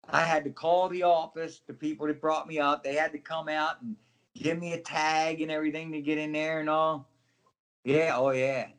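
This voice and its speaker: A man's voice: a little high, little pitch movement, a little fast. A middle-aged man, a former wrestler, telling stories in a casual interview and acting out other people's voices as he goes.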